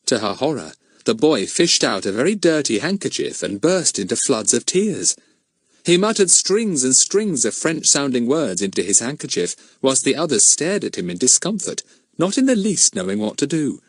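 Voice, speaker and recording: A man narrating a children's audiobook with expressive storytelling. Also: mid-range voice, normal speed, dry recording. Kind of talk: scripted narration.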